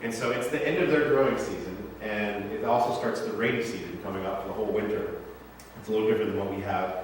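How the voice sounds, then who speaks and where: A male pastor with a low-leaning voice speaks quickly through a casual, humorous sermon, frequently asking questions of the congregation. He's preaching in a church sanctuary, captured from afar in an echoey hall with a little hiss or hum.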